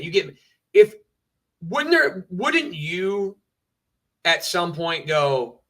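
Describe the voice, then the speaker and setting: A man's voice: high-pitched, lively intonation, takes it slowly, pauses often, sharp tone. A man ranting on a livestream, emphatic and repetitive, talking over and over the same point. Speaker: streamer.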